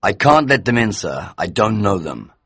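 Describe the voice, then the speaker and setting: A burly gatekeeper talks bluntly and warily in a low, husky voice, as a male storyteller puts him on. It sounds close and dry. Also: big pitch swings, normal speed, fairly bright tone, no echo, full character voice. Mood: gruff. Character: strong, gruff male gatekeeper. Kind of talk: story reading for English learners.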